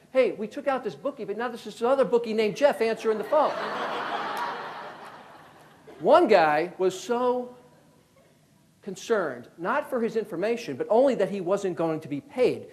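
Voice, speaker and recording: A man around fifty from Connecticut, a former FBI agent giving a keynote talk as a lively storyteller who acts out the people in his anecdotes. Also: very high voice, a little hiss or hum. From Connecticut, USA.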